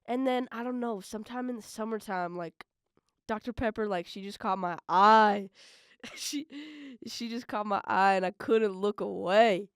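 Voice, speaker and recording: A woman's voice: mid-range voice, normal speed, clear, resonant tone, no room sound, studio quality. Chatty young woman podcast host. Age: young adult. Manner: chatty and rambling, lots of "like" and "bro"; animated, swings between loud bursts and mumbled asides. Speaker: college radio podcast host. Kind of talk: casual solo podcast chat.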